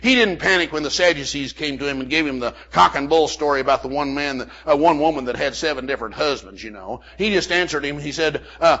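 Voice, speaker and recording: A man's voice: a little high, fast talker, hardly any pauses, pushed and bright. An older man preaching a sermon, telling a folksy personal story full of "amen" and "you know" asides. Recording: muffled lo-fi recording.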